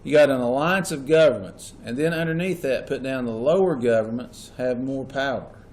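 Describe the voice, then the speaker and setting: A man's voice: medium pitch, normal speed, darkish tone. A male teacher lectures a class. He quizzes the students and says the key points again and again. The recording picks up faint classroom noise behind him. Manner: asks the class questions, repeats key points.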